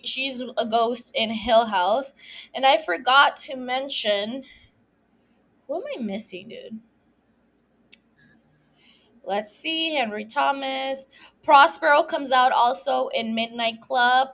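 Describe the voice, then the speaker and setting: A woman hosting a solo podcast, ranting casually and excitedly about a TV show, swearing often. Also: high voice, slow pace, long pauses. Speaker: podcast host.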